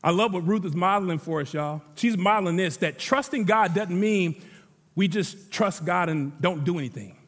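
A pastor with a notably high, slightly bright voice preaches a sermon at normal speed in a casual, conversational way, using emphatic repetition to drive his points home. A long reverb tail follows his voice, as if it were filling a big sanctuary.

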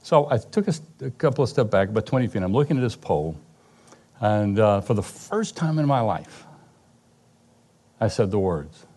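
Low mellow-voiced man telling his story. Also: big pitch swings. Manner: storytelling, halting restarts, occasional laughs. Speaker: father giving a testimony. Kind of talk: personal testimony story.

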